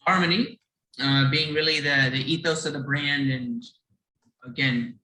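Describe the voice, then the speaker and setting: A man's voice: mid-range voice, steady tone, unhurried, bright, forceful tone, reverberant, slight background noise, rough recording. A man presenting a whiskey brand on a video call, explaining earnestly, restarting phrases and chuckling now and then.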